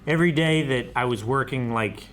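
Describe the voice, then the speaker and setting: A man with a middle-pitched voice, chatting casually with a relaxed, rambling manner. Faint ambient noise sits behind him. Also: fairly quick. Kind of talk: casual chat.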